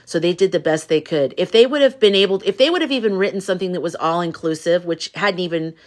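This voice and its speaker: Middle-aged American woman, spiritual live-stream host; low-leaning voice, emotional, loose and chatty. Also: fast. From United States. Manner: rambling, confiding, emotional, many restarts. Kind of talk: casual chat on a live stream.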